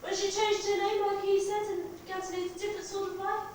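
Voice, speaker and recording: A woman's voice: very high-pitched, flat delivery, fast, a little mellow, recorded from a distance. A woman rehearsing a stage play, playing an upset young daughter who pleads and accuses emphatically. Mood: accusing. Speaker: amateur stage actor. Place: rehearsal hall. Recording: echoey hall recorded from afar, noisy.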